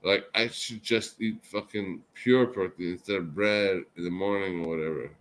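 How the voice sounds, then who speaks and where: A drunk man hosting a casual chat show, rambling and swearing, swinging between loud outbursts and mumbled asides. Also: sits low, normal speed. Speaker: show host.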